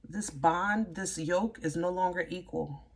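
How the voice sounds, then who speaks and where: A woman giving a casual tarot reading, chatty and easily excited, rambling and restarting as she talks through the cards. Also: fairly low pitch, a little slow, breathy edge. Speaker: tarot reader.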